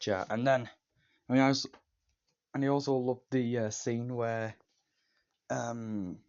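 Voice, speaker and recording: A man's voice: mid-range voice, level tone, takes it slowly, a little mellow. A man giving a casual, rambling movie review, stringing scenes together with "and then" and now and then putting on silly voices for the characters. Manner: briefly acts out characters' lines with silly voices. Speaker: film reviewer. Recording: slightly dull lo-fi sound.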